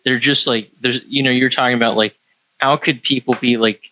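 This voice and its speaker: A man co-hosting a podcast in casual chat, rambling with many pauses. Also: medium pitch, fairly even intonation, pushed and bright, highs cut off, a little hiss or hum. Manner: rambling, many fillers and restarts.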